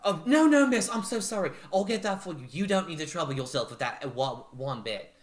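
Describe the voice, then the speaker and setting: A woman's voice: on the low side, expressive, brisk, pitched above the performer's own voice, natural voice. A man voicing a kindly, anxious older maid who speaks in a soothing, apologetic way. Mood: soothing, flustered.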